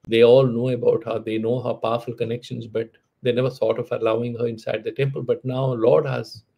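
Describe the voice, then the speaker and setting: A man's voice: medium pitch, level tone, fairly quick, creaky, highs cut off. A man giving a lecture on spiritual philosophy, telling a story in a conversational way, with frequent "you know" asides and restarts. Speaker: spiritual teacher.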